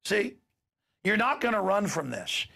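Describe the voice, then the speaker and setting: A man's voice: high voice, very animated, a little slow, gravelly, bright, forceful tone. A man hosting a talk show, giving an impassioned, ranting monologue and acting out quoted exchanges.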